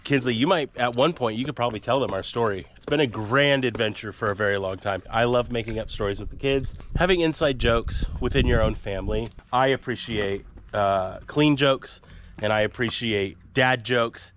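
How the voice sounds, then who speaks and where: A man's voice: mid-range voice, normal speed, a bit bright, a little hiss or hum. A man hosting a family vlog outdoors, chatty and rambling, with a self-deprecating manner. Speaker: vlog host and father. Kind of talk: casual vlog narration. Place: outdoors on a rural homestead.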